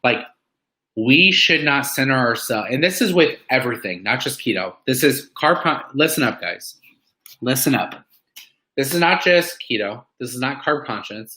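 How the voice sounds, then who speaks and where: A man talks casually to his weight-loss community, rambling through stories with plenty of "like" and "um". He breaks into fired-up, preachy bursts of encouragement. His voice is bright and forceful, sitting in an ordinary middle pitch. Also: low-quality recording. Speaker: weight-loss community member speaking on a live meeting. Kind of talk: casual motivational talk.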